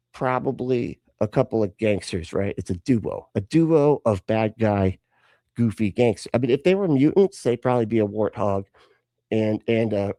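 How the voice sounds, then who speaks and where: A man's voice: lowish voice, dark tone, dry recording. A man rambling through a comic drunken retelling of a story, interrupting himself often. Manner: rambling, self-interrupting, tipsy. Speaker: podcast co-host.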